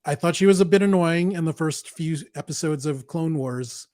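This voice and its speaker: A man's voice: fairly high pitch, normal speed, darkish tone, no echo, studio quality. A man co-hosting a podcast, chatting casually as an enthusiastic fan who laughs easily. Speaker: podcast co-host. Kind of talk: casual chat.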